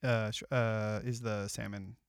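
A man solving a crossword with friends in casual chat, offhand with quick guesses. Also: on the low side, little pitch movement, creaky, smooth, no room sound, clean studio sound. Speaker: crossword solver.

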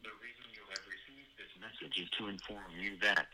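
A man's voice: on the low side, fairly quick, sharp tone, poor audio. A man's voice in a recorded scam phone message, stiff and official-sounding. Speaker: scam robocall voice. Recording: phone message on speaker with chatter behind.

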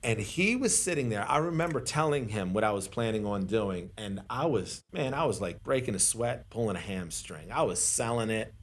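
A man's voice: fairly low pitch, lively intonation, normal speed, few pauses. Slangy storytelling pastor, a man. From Maryland, USA. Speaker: pastor, interview guest. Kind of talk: casual storytelling in a podcast interview.

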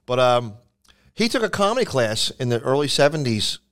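A man's voice: medium pitch, big pitch swings, moderate pace, a bit bright. A man co-hosting a podcast in a studio, chatting casually and rambling with many restarts. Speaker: podcast co-host. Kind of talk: casual chat.

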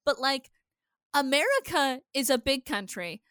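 A woman's voice: high-pitched, very animated, a little slow, a bit bright, no room sound, studio quality. A woman co-hosting a podcast, chatting casually and ranting with profanity. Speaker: podcast co-host. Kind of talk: casual chat.

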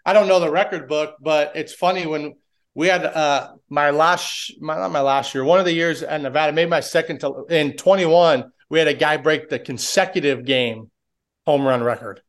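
A baseball assistant coach, guesting on a podcast, talks casually and rambles through stories with many restarts. His voice is on the high side, at a moderate pace.

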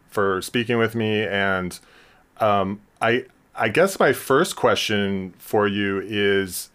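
A man's voice: lowish voice, a bit bright. A man hosting a science podcast interview, talking casually with frequent ums and restarts. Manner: hesitant, many ums and restarts. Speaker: podcast host.

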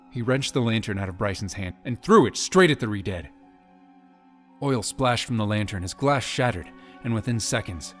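A man narrates an audiobook in a dramatic storytelling manner. His voice sits on the low side. Faint music plays quietly beneath his reading. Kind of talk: scripted narration.

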